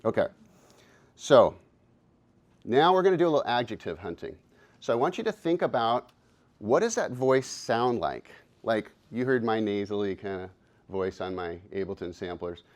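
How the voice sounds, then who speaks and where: A man's voice: on the low side, expressive, moderate pace. A man in his fifties giving a live workshop talk, upbeat and encouraging, playful with the audience. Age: 50s. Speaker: workshop presenter and coach. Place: conference workshop room.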